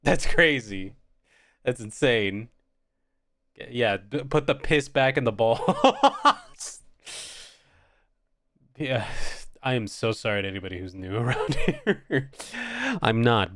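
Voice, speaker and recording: A man's voice: fairly low pitch, fairly bright tone, dry recording. A man with an American accent chatting casually on stream while drawing, playful and crude, laughing easily.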